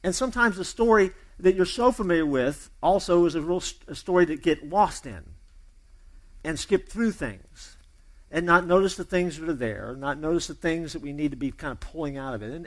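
Pastor, male, a touch higher-pitched than most, relaxed storyteller who restarts phrases often. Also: brisk. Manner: conversational storyteller, loose and chatty with repeated restarts. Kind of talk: sermon opening with a told joke.

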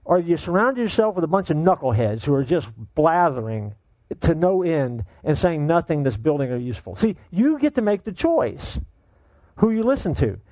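A man preaching a sermon as pastor, animated and joking, firing off rhetorical questions at his congregation. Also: fairly high pitch, normal speed, no echo, low-quality recording.

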